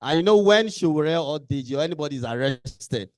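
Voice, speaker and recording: A man with a Nigerian accent speaks at a birthday gathering in a polite, measured way, pausing on the odd um. His voice is smooth and somewhat high. The sound is dry and close. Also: expressive, no room sound. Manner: polite, measured, with filler ums. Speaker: lawyer giving a birthday tribute. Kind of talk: formal speech at an event.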